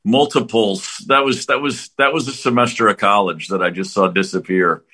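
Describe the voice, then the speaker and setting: A podcast co-host chats casually about college basketball and betting, rambling along with lots of restarts and laughter. His voice sits on the low side, husky, pushed and bright, with a steady tone at normal speed.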